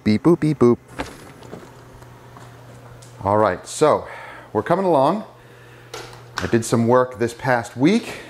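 A middle-aged man casually narrating his vlog in a detailing shop, explaining his work in a relaxed way with fillers. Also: on the low side.

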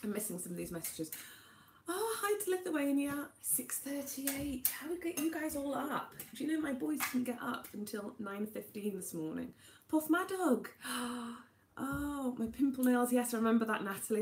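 A young woman from Wales chatting quickly on a live stream from her home kitchen, greeting viewers by name while she cooks, recorded on a tablet. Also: sits high, reverberant, slight background noise. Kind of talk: casual live-stream chat. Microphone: tablet camera.

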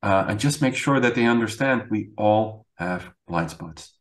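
A middle-aged man speaks as a podcast guest with a low-pitched voice. He tells stories with energy, acting out the lines of other people and often adding "right?". The room around him echoes. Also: measured pace. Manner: animated storyteller, acts out quoted dialogue, frequent "right?". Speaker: podcast guest, executive coach. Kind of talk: conversational interview.

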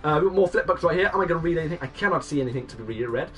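Excitable young man streaming games. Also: fairly high pitch, racing, far from the mic. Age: 20s. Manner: excitable, bursts into loud shouts and thanks. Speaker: game streamer. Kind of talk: live-stream chat reading out viewers' messages.

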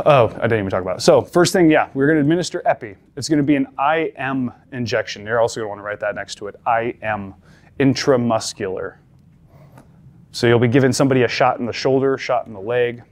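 A man's voice: medium pitch, fast talker. A male paramedic instructor giving a classroom lecture, talking conversationally and repeating the key points with emphasis.

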